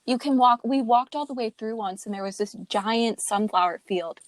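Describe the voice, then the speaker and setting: A woman's voice: on the high side, normal speed, no room sound. A young woman co-hosting a podcast, easygoing and self-deprecating, telling stories in casual chat. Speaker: podcast co-host.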